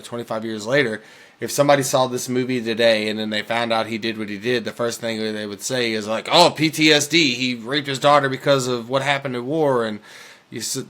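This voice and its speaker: A man in casual podcast conversation, chatty and easygoing in how he talks. His pitch sits in the middle range and his delivery is plain and conversational. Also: fairly bright tone. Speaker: podcast co-host. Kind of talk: casual chat.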